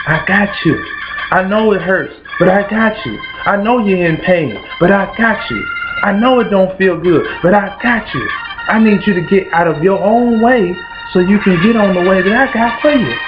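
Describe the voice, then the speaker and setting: A man from Kentucky with a Kentucky accent, preaching motivationally in a rhythmic, repetitive cadence. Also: high voice. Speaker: host. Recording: dull lo-fi with music behind. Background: background music.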